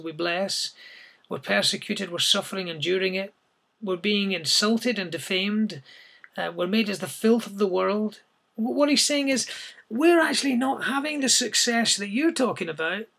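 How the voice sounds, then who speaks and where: A man's voice: sits high, creaky, fairly bright tone. A man preaching a sermon, reading Bible verses aloud and then explaining them in plain words.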